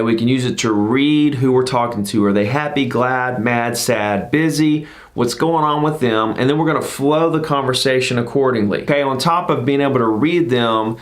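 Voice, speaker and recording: A man coaching real estate agents on cold calling, upbeat and emphatic, often checking in with "okay?". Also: mid-range voice. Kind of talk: instructional talk to camera.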